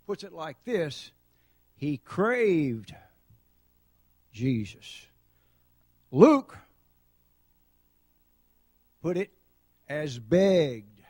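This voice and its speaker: A middle-aged man preaching a sermon, telling folksy stories and building to loud shouts. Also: a little high, very animated, very slow, long pauses, no echo, studio quality. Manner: folksy storytelling, dramatic swings to loud shouting. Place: church sanctuary.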